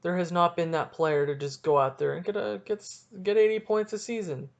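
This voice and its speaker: A young man hosting a solo sports podcast, ranting excitably and cutting himself off mid-sentence. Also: high-pitched, brisk, creaky, highs cut off. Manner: excitable, ranting, self-interrupting. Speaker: podcast host.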